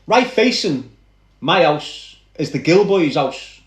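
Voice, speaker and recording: A man with a Liverpool accent recounting his past in dramatic first-person storytelling, animated and speaking straight to his listeners. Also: fairly high pitch, slow, echoey room. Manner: animated, addresses listeners directly.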